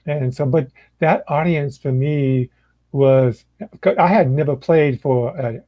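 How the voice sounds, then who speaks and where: A man's voice: medium pitch, slow, no room sound, highs cut off. An older man, a blues musician, telling stories at an easy pace in a casual chat and acting out what others said. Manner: relaxed storyteller who acts out dialogue. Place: indoor room.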